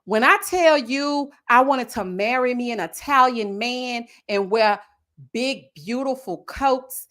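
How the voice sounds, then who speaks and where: A woman in her thirties hosting a live stream, chatting in a casual, animated, slangy way and telling stories. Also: a little high, takes it slowly. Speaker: YouTube host.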